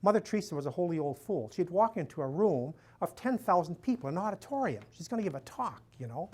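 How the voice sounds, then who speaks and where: An older priest speaking to a live audience in a slightly high, easy voice. He talks in a folksy, rambling way, chuckling at his own jokes and leaning on "you know" and "and so on". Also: very animated, fast talker, darkish tone, breathy edge. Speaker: priest giving a talk. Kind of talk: conference talk to a live audience.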